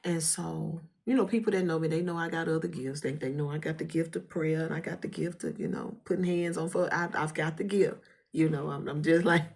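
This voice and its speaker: A woman giving an emotional spoken testimony in a fervent, preacher-like way, often dropping to a hushed whisper while holding back tears. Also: lowish voice, moderate pace. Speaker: vlogger sharing a testimony.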